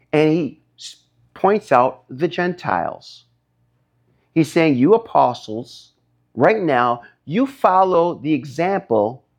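A man preaching a sermon, emphatic, his voice rising high when he gets stirred up. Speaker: pastor.

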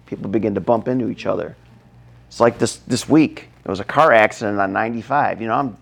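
A man preaching a sermon, telling a Bible story dramatically, dropping to a hush and then acting out shouts. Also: mid-range voice, gravelly. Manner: dramatic, acts out the scene, shifts from hushed to shouting. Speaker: pastor.

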